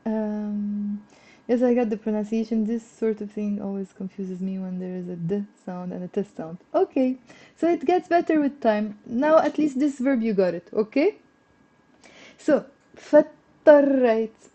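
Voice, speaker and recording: On a muffled recording, a woman with a medium-pitched, mellow voice teaches Arabic in a live online lesson. She repeats words slowly so students can keep up, then encourages them to respond.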